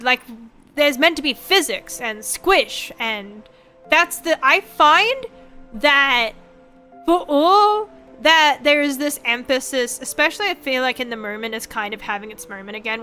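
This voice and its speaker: High, bright-voiced young woman streamer. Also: clear, resonant tone. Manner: rambling, profane, frank, animated. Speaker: VTuber streamer. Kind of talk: casual chat stream.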